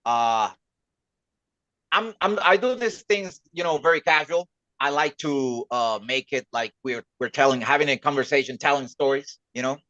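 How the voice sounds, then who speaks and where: A man hosting a casual livestream interview, welcoming guests with halting, repeated words. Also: medium pitch, pushed and bright, dry recording, highs cut off. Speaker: host.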